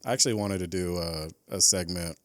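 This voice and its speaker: A man hosting a podcast, chatting in a relaxed way and swearing casually. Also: low voice, fairly quick, dry recording. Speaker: podcast host. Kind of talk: casual chat.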